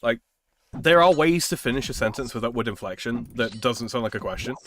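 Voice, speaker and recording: A man's voice: medium pitch, animated, a little fast, fairly bright tone. A male streamer chatting casually while gaming, opinionated and rambling, often restarting his sentences. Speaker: streamer host.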